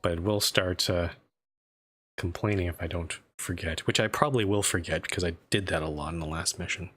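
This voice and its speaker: A man's voice: sits low, steady tone, brisk, fairly bright tone, a little hiss or hum. A man streaming a strategy game, chatting casually and self-deprecatingly with lots of restarts. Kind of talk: casual live-stream commentary.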